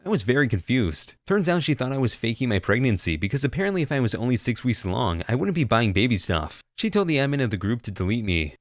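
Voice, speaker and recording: A man narrating internet stories aloud with a brisk, lively storytelling delivery. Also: mid-range voice, no echo, studio quality.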